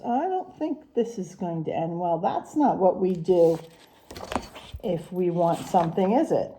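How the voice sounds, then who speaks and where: Woman, preschool teacher; gentle, slow, mellow read-aloud voice with a sing-song storybook lilt. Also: on the low side, lively intonation. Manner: gentle, asks the children simple questions. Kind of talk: reading a picture book aloud to young children.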